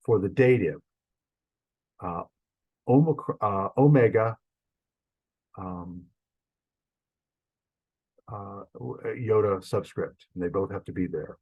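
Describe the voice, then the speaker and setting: A man with a fairly low, husky voice teaches a beginners' class. He explains step by step in a patient, unhurried way, pausing on fillers as he works through his shared screen. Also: narrow, tinny audio. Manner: patient, explanatory, thinks aloud with frequent fillers. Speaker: church Greek teacher. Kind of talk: recorded online lesson with screen sharing.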